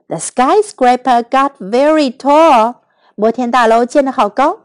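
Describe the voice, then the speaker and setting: Lady reading a kids' story out loud, slow and clear, high voice. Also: dry recording. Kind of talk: bilingual storybook read-aloud for children.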